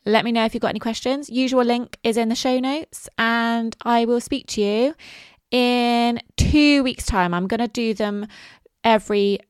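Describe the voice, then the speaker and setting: A woman's voice: fairly high pitch, fairly even intonation, normal speed, clear, resonant tone, dry recording, clean studio sound. A woman in her forties hosting a solo podcast, chatty and self-deprecating. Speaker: podcast host. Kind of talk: casual solo podcast talk.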